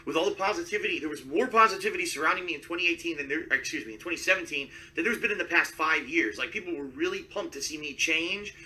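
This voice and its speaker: A man's voice: a little high, fast talker, hardly any pauses, bright, forceful tone, far from the mic, poor audio. A man streaming live and talking to his chat, defensive and self-promoting.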